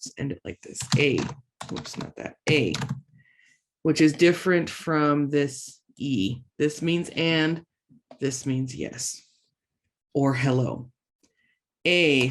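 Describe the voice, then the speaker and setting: A woman teaching an online language lesson, saying each word slowly and twice, and chatting casually between the drills. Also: extremely low pitch, slight background noise. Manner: slow, careful pronunciation drills with repeated words.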